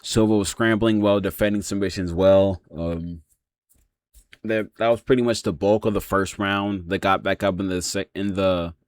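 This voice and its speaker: A man's voice: deep voice, steady tone, normal speed, no echo. A man casually breaking down a fight, rambling with lots of fillers and frequent swearing. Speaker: MMA reaction channel host.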